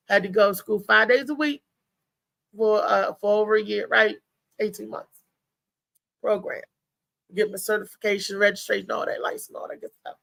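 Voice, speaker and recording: A woman from Maryland hosts a live show and tells a long personal story. Her voice has a gravelly edge and a bright, forceful tone. The sound is dry and close, with no room around it. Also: medium pitch, moderate pace, pauses often, dry recording. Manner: animated, chatty, talks to listeners as "y'all". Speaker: show host.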